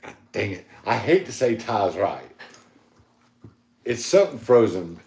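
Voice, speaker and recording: A man's voice: on the low side, sing-song, unhurried, darkish tone. A middle-aged man, co-hosting a podcast and telling a long rambling story in casual, profane chat, quoting himself with many "I said"s. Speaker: podcast co-host. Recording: echoey room.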